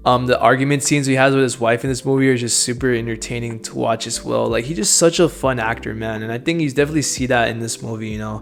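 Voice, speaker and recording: A young man casually reviewing a film, full of enthusiasm and loose slang. His voice sits at an ordinary middle pitch, with light swearing and constant dude and bro. He talks like he is chatting with a friend. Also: fairly even intonation, quick pace, gravelly, few pauses, soft background music.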